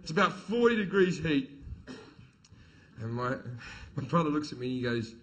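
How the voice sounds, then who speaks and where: On a comedy stage, a middle-aged stand-up comedian spins a crude family story packed with swearing. His voice is high and bright, his telling animated, his pace moderate.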